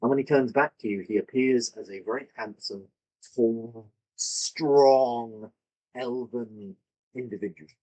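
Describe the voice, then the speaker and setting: A man's voice: medium pitch, measured pace, darkish tone, lo-fi sound. A man narrating as game master, describing scenes with many fillers and self-corrections. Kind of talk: improvised tabletop narration.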